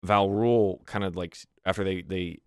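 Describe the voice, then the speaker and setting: Man, game master, tabletop narration, casual, filler-heavy, deep, dry sound. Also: fairly even intonation, moderate pace, clear, resonant tone, dry recording. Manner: casual, loose with many fillers.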